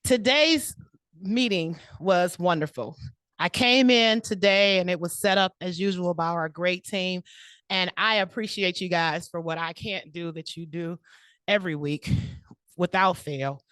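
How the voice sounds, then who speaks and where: A woman hosting a club meeting in a large room, announcing the next segments and engaging the audience in a lively way. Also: lowish voice, a little slow, clean tone, no room sound. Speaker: meeting host.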